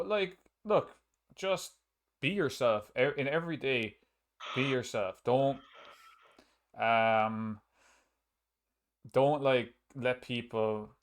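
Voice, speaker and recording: A man hosting a casual podcast chat, rambling with frequent restarts and casual swearing. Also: mid-range voice. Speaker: podcast host and streamer.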